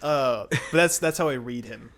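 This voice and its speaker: A young man hosting a podcast, telling a story in a rambling, excitable way with lots of filler words. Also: mid-range voice, moderate pace. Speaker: podcast host. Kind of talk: casual storytelling chat.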